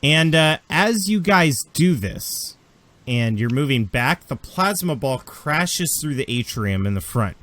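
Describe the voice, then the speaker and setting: Slow-paced male game master. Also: a little high, expressive, a bit bright, a little hiss or hum. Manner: unhurried, halting narration. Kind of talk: narrating a tabletop game.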